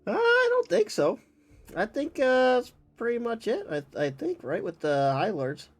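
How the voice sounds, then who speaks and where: High, lively man chatting hesitantly. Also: unhurried. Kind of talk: casual chat.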